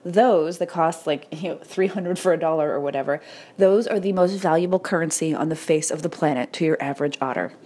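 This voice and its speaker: Animated woman telling a motivational story. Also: low voice, a little fast. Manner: animated, storytelling, swears casually. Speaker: creator talking to entrepreneurs and artists. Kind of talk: casual motivational monologue.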